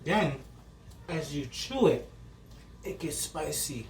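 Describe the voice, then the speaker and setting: Woman cooking-show host with a lively, swooping voice, brash and teasing, recorded from across a roomy kitchen with music playing. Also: deep voice, slow pace, distant mic. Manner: loud, playful, blunt, cusses for emphasis. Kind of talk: casual cooking demo with banter. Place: home kitchen. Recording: roomy room from afar with music. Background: background music.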